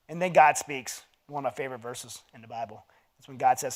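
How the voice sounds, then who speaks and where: A man in his forties giving a conversational sermon as guest speaker at a men's dinner. He tells the story with earnest feeling and drops to a low, quiet voice on personal points. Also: fairly quick. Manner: earnest, storytelling delivery with scripture readings.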